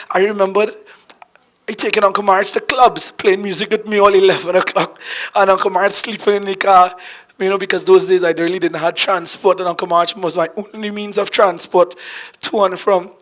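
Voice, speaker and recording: A man with a Trinidadian accent speaks at a funeral gathering, his voice hoarse and pitched fairly high. He rambles warmly through an unprepared eulogy, often restarting and repeating his words. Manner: heartfelt, rambling, repeats himself. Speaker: family member giving a eulogy. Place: funeral gathering at a family home.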